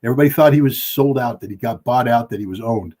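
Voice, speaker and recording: A man's voice: medium pitch, quick pace, mellow. A middle-aged man delivers heated commentary on a podcast, speaking bluntly and with plenty of force. He is talking from his home, and his tone stays impassioned and emphatic throughout. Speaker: guest commentator. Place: at home with dogs.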